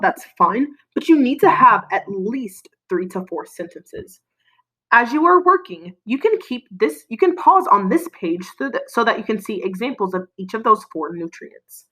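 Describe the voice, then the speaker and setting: A woman teacher giving a recorded lesson to children, prompting them with clear, encouraging call-and-response. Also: a little high, fairly bright tone, rough recording.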